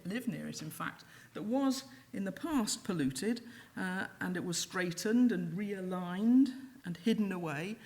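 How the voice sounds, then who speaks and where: A middle-aged woman lecturing to an audience at a steady, measured pace. She explains things plainly and drops in dry, wry asides. Her voice sits at a middle pitch. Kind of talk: public lecture. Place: lecture hall.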